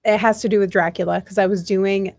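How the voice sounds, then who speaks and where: A woman's voice: mid-range voice, quick pace, no echo, studio quality. A woman co-hosting a radio talk show, telling a family story with lots of laughter. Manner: animated storyteller, laughs often. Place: radio studio.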